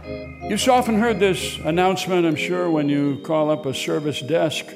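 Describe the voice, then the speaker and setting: A male radio host reading a comic mock commercial with wry, rapid-fire rhetorical questions. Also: fairly high pitch, gravelly, in a large hall, music in the background.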